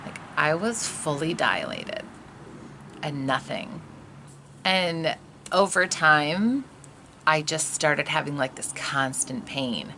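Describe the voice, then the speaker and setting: A woman's voice: sits low, expressive, takes it slowly, pauses often, bright, forceful tone, slight background noise. A woman in her thirties candidly telling the emotional story of a birth, casual and full of fillers. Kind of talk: personal storytelling.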